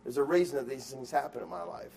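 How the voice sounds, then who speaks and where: A male pastor preaching a sermon, moving between quiet musing and loud, emphatic exhortation, with repeated words and restarts. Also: medium pitch, fast talker, slight background noise. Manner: acts out excuses in quoted voices.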